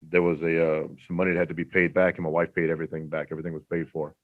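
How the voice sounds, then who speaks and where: Deep, flat-voiced man in his fifties, hesitant, over a tinny prison line. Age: 50s. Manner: halting, hesitant, polite. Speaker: parole applicant. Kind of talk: answering questions at a hearing. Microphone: remote audio link from a prison. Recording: tinny phone-like remote line.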